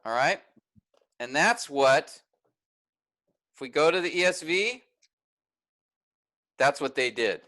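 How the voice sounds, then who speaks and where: A man's voice: fairly high pitch, animated, slow, long pauses, bright, forceful tone, rough recording. A man teaching a workshop, explaining step by step and often checking in with "all right?".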